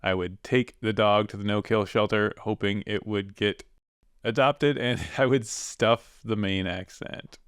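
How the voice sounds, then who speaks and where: A man's voice: lowish voice, steady tone, a little slow, clear, resonant tone, no room sound. A man co-hosting a podcast in casual chat, making short dry quips. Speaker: podcast co-host.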